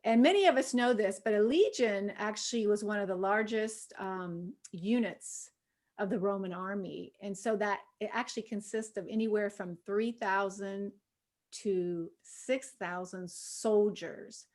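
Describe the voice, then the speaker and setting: Speaking a little slowly in a mid-range voice, a middle-aged woman guides a women's Bible study casually, peppering her speech with "you know." Whenever she acts out a quote, she bursts out loudly.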